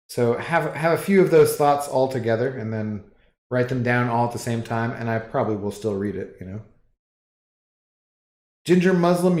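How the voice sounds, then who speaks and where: A relaxed man hosting a livestream from home, rambling casually with his viewers and answering chat messages as they come in. His voice sits in a middling register, and the room around him has a noticeably echoey sound. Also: medium pitch. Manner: rambling, relaxed, chatty asides. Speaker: livestream host reading chat.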